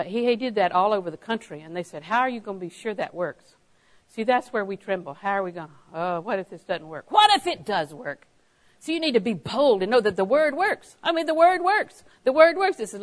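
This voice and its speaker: A woman's voice: medium pitch, poor audio. A woman preaching a sermon, stressing key phrases by repeating them and telling anecdotes with a chuckle.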